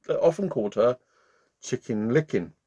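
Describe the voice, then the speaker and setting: In a mid-range, slightly rough voice, he reads children a bedtime story at a moderate pace, animated throughout. As the channel's storyteller he comes across playful, friendly, and warm-hearted, singing along at times.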